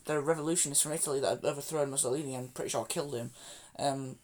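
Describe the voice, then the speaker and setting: Man, podcast co-host, rambling and excitable, mid-pitch, laughs a lot. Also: rapid-fire. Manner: rambling, excitable, laughs often, jumps between topics. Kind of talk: casual chat.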